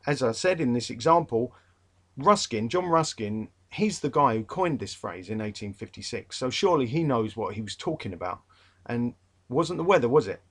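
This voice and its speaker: A London-accented man with a medium-pitched, fairly bright voice gives literature students a rambling, chatty revision talk at normal speed. He's animated, full of fillers and restarts, and emphatic about a pet peeve.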